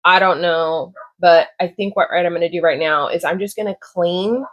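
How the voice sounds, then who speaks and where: A woman's voice: on the low side, fairly even intonation, moderate pace, no room sound, dull audio. A young woman vlogging casually about books, emotional and gushing, with lots of filler words. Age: young adult. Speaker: book vlogger. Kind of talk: casual chat.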